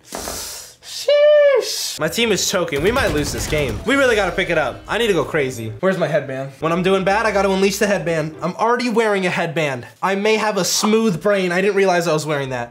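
A young man commentating his own gameplay, loud and excitable, yelping and joking as he gets shocked. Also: high voice. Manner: loud, excitable, yelps and jokes under shocks. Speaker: gaming YouTuber.

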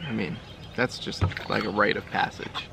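A man in his thirties telling a relaxed, slow story to his wife for a vlog, outdoors by the water. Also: lowish voice, creaky, background noise. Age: 30s. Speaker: vlogger. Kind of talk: casual chat.

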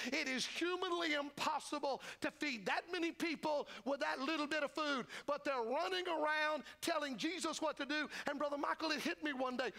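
A man's voice: very high-pitched, creaky, sharp tone. An older man preaching a revival sermon as a traveling evangelist, folksy and fervent, acting out the disciples' voices. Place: church sanctuary.

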